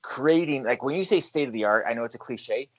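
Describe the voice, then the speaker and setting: Hyped podcast host. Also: male voice, mid-range voice, animated, brisk. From Canada. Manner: hyped, shouty announcer-style intros. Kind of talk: casual sports podcast chat.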